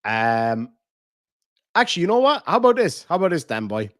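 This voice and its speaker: A man's voice: on the high side, big pitch swings, fairly quick, fairly bright tone, no echo, studio quality. A man with an Irish accent hosting a casual live stream, reading out viewer messages and ranting with lots of swearing. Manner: profane, ranting, reads viewer messages aloud.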